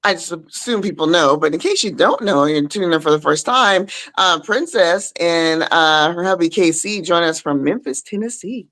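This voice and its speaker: A woman's voice: fairly low pitch, expressive, normal speed, hardly any pauses, a bit bright. A woman hosting a casual chat show, talking in a chatty way and laughing often between thoughts. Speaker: host.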